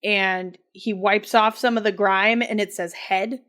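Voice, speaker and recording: A woman's voice: medium pitch, steady tone, a little slow, a bit bright. A woman co-hosting a podcast, chatting casually and telling a game's story with lots of fillers and laughter. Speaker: podcast co-host. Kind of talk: casual chat recapping a game.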